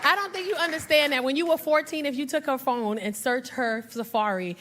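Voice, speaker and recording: A woman's voice: sits high, a little fast, noisy background. A middle-aged woman performing stand-up on a club stage, teasing the audience with brash, profane banter. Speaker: stand-up comedian. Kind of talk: live stand-up set with crowd work. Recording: live audience laughter.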